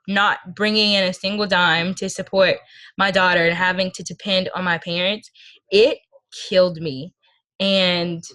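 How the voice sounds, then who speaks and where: A young woman with a bright, forceful voice gives a heartfelt motivational talk to her team. She speaks earnestly and with feeling, drawing on her own experience, and she is heard through a video call microphone. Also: mid-range voice. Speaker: team leader speaking to a sales team.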